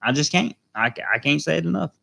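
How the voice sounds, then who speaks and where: A man's voice: fairly high pitch, animated, quick pace, creaky, bright, forceful tone, slightly rough. A man with a Southern American accent chatting casually on a live stream, reading viewer comments and rambling with many fillers. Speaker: vlogger hosting a live stream.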